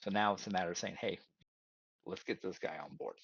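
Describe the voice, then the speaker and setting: A man with a low, creaky, slightly rough and somewhat bright voice talks a little fast, offering casual career advice to listeners he calls "y'all." He tells stories and acts out both sides of the conversations in them. The recording is dry, with the high frequencies cut off.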